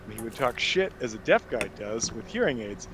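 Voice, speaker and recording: A young adult man telling stories casually among friends and shouting out mock insults. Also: medium pitch, very animated, fairly quick, background noise. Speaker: player in a tabletop game podcast.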